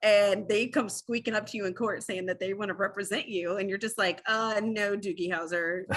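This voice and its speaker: A woman guest on a podcast interview, a former public defender, telling stories in a lively, animated way and acting out quoted lines. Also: mid-range voice, fairly quick, noisy background. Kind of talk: casual interview storytelling.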